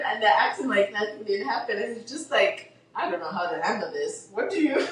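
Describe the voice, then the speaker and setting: A woman's voice: medium pitch, sing-song, moderate pace, a little hiss or hum. A woman in a casual book chat who retells scenes with animation, acts out the characters' lines and says "like" constantly. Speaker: podcast co-host. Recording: roomy, distant mic.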